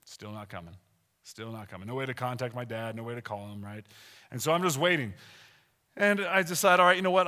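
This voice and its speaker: A man's voice: mid-range voice, quick pace, bright, forceful tone. A middle-aged man preaching a sermon in a conversational, emphatic way, often asking his listeners questions.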